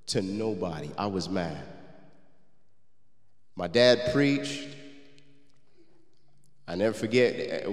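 A man preaching a sermon. He reads old scripture, then tells a personal story that moves him. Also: lowish voice. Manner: gets emotional and quiet while telling the story. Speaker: pastor. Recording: roomy hall with long reverb.

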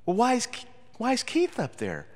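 A gentle woman teacher who speaks softly and pleads, put on by a man telling a story. Her voice sits above his own and trails off into a long hall reverb. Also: a little high, huge pitch swings, moderate pace, pitched above the performer's own voice. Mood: puzzled. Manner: soft and pleading. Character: gentle kind female schoolteacher.

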